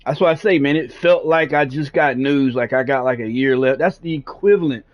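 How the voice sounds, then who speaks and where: A streamer with a mid-range voice speaks briskly as he plays, telling a drawn-out story in loose conversation laced with swearing and frequent fillers. The sound is dull and lo-fi.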